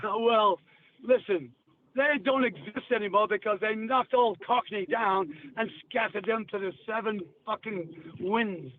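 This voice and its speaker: A man's voice: high-pitched, a little slow, slight background noise. A man chatting as a call-in radio guest, swearing freely and spinning stories between accents. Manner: profane, storytelling, slipping into accents. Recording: tinny phone line.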